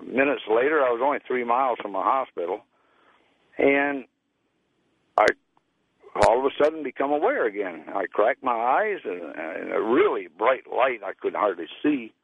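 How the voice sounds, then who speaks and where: A man's voice: medium pitch, animated, moderate pace, breathy edge, no room sound. A male caller, telling a personal story in a plain, folksy way. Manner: plain folksy storytelling, acts out quoted voices. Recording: tinny phone line.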